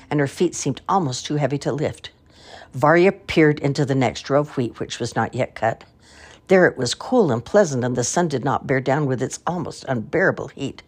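An older woman with a husky voice reading a children's story aloud with expression. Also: sits low.

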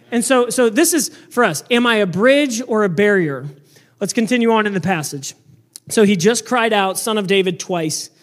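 A young man preaching a sermon to his congregation in an animated, conversational way, full of rhetorical questions. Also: very high voice. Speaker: pastor.

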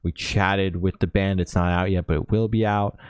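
A man's voice: sits low, steady tone, normal speed, clean tone, no room sound, studio quality. A young man co-hosting a music podcast, chatting casually and swearing freely. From United States. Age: young adult. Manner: laid-back, swears freely, many fillers. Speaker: podcast co-host. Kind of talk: casual music news chat.

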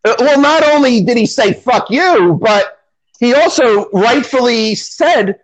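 A man with an extremely high, expressive voice co-hosts a podcast in casual chat, speaking a little slowly. He's sarcastic and self-deprecating, acting out what others said, and the recording is rough.

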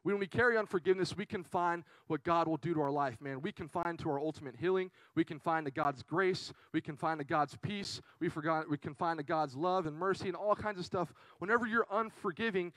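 A man's voice: a little high, fairly quick, hardly any pauses, fairly bright tone, no echo, low-quality recording. A young man preaching a sermon in an earnest, emotional, conversational way, with frequent fillers. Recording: dry sound with faint guitar behind. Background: faint guitar music.

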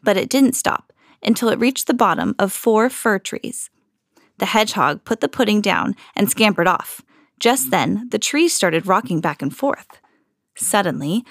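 A woman reading a children's storybook aloud in an expressive, storytelling manner. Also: mid-range voice, no echo, studio quality. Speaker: podcast host reading to children.

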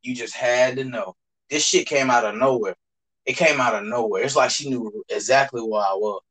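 A man's voice: mid-range voice, normal speed, fairly bright tone, low-quality recording. A young man telling a story in a casual podcast chat, full of slang and swearing, often mimicking other people's voices.

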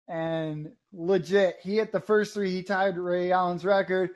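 A man in casual voice chat, excitable and full of exclamations. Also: sits high, a little slow, dull audio. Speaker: chat room participant.

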